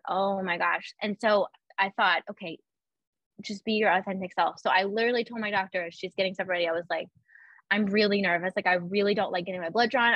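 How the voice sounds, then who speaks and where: Young woman, chatty and bright, heavy on fillers, dry and slightly muffled sound. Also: medium pitch, no room sound. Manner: chatty, full of "like" fillers, acts out her own quotes. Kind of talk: casual chat.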